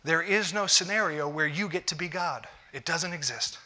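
A man's voice: on the high side, moderate pace, sharp tone. A man, a pastor, preaching a conversational sermon to a congregation, often restarting his phrases.

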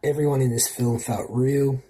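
A man's voice: medium pitch, flat delivery, normal speed, dark tone. A man with an Australian accent giving a casual, profanity-laced film review as a podcast co-host. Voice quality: swears freely, loose and chatty.

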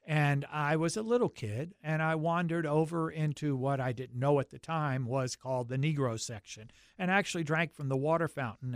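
A man's voice: a little high, normal speed, hardly any pauses, dry recording, clean studio sound. An older man from the American South with a Southern accent, telling his life story in an oral history interview, reflective and given to restarts.

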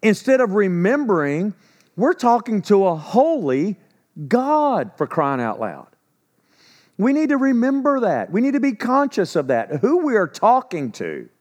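A man's voice: high-pitched, huge pitch swings, a little slow, darkish tone. Emphatic, conversational male preacher. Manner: conversational and emphatic, asking rhetorical questions; acts out quoted speech in a casual voice. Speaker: pastor. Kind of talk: sermon.

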